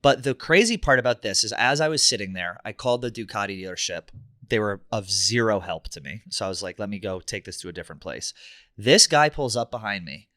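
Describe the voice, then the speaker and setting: A man, a podcast co-host telling an animated, profane story in casual chat and acting out quotes. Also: on the low side, a little fast, dry recording, clean studio sound.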